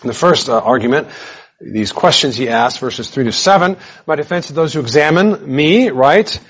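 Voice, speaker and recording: A man giving a verse-by-verse Bible teaching, animated and emphatic, with casual conversational asides. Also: fairly high pitch, moderate pace, slightly rough.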